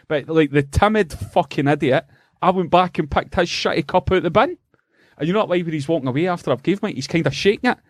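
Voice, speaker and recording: A middle-aged Scottish man co-hosting a podcast, telling a funny story in an animated, profane way and laughing as he goes. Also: a little high, brisk, dry recording, studio quality. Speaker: podcast co-host. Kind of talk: casual storytelling chat.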